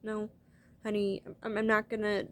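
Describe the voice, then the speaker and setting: A woman's voice: mid-range voice, monotone, moderate pace, a bit bright. A young woman vlogger talking to her viewers in a heartfelt, earnest way, rambling and restarting her sentences. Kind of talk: emotional personal talk to camera.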